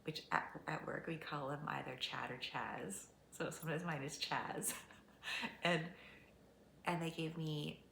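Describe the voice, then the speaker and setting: A middle-aged woman vlogging casually, chatty and candid, often dropping into soft near-whispers. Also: low-pitched, steady tone, unhurried, gravelly. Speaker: vlogger, fitness competitor. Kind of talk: casual vlog talk to camera. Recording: echoey room, faint background noise.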